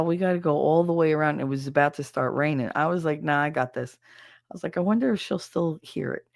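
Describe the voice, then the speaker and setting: A woman's voice: low voice, dry recording, studio quality. A woman, hosting a casual podcast and telling stories with laughter, swearing and acted-out voices. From New Jersey, USA. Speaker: podcast host. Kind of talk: casual storytelling chat.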